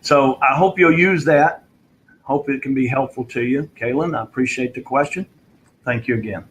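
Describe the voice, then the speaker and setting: A man coaching in a live online session, telling a story and explaining a tip in a relaxed way with fillers. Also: medium pitch, moderate pace, a little hiss or hum, poor audio. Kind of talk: answering a viewer question in a live online session.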